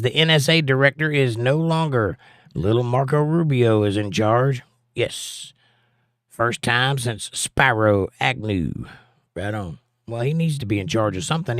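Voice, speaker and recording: A man with a relaxed drawl chats through his livestream and reads out viewer comments. His voice sits at a middle pitch, and the sound is close and dry, with no room echo. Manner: laid-back, folksy, drawling. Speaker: livestream host. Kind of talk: casual live-stream chat, reading viewer comments.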